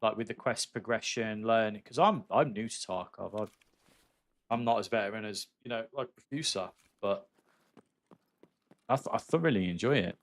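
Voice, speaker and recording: A man's voice: lowish voice, moderate pace. A man chatting candidly and casually as he livestreams a game, swearing freely and calling his viewers mate. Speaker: gaming livestreamer. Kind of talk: casual live-stream chat while playing.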